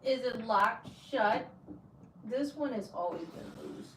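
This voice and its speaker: A woman vlogger talking slowly to herself, her pitch rising and falling a lot. She is recorded from a distance in an echoey room with faint ambience behind her. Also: animated, slight background noise. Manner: chatty and exasperated, talking to herself while fiddling with things. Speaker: vlogger and crafter. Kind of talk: casual vlog chat.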